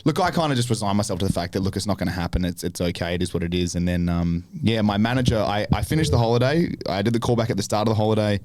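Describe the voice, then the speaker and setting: A man's voice: lowish voice, racing, hardly any pauses, slight background noise. A young Australian man, an actor on a podcast, telling a story in casual chat, swearing freely and acting out the other people's lines. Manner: swears freely, acts out the other voices in his stories; restless and animated when he retells the big moments.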